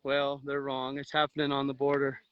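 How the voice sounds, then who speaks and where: A man's voice: medium pitch, completely flat delivery, brisk, smooth, no echo, dull audio. Exhausted man livestreaming from a phone. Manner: urgent, earnest, rambling with restarts. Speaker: livestream host, veteran volunteer. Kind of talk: emotional outdoor livestream commentary. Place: outdoors at a river border.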